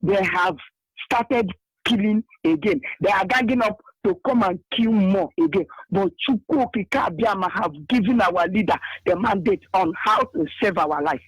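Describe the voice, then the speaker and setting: A man with a Nigerian accent recounts a vision on a radio show in a repetitive, emotional, halting way. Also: high-pitched, slightly rough, dry recording, low-quality recording.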